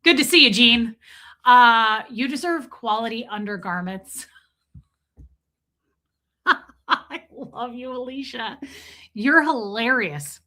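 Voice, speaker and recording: Bright-voiced chatty woman streamer. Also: on the high side, expressive, slow pace, pauses often. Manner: chatty, swears freely, greets viewers by name. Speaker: live-stream host. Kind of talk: casual live-stream chat.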